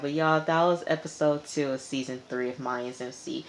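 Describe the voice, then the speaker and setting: A woman's voice: low voice, fairly even intonation, normal speed. A woman giving a casual vlog recap of a TV episode, retelling it dramatically and animatedly, repeating phrases for effect. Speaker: TV episode reviewer.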